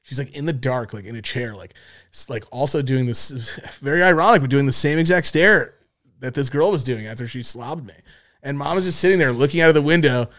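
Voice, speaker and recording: A man's voice: medium pitch, a little fast, a bit bright. A young man co-hosting a podcast, telling a story in casual chat, acting out the quotes and laughing often. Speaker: podcast co-host.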